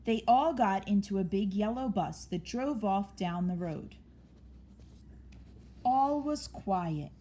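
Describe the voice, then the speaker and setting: A woman reading a children's story aloud in a gentle, expressive way. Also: medium pitch, slow pace.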